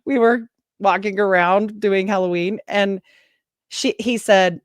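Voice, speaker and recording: Her voice is medium-pitched, clear and resonant, and she talks unhurriedly in studio-quality sound with no echo. As podcast host or guest in a casual interview, she tells a long, animated story, giving lively voices to the people she quotes.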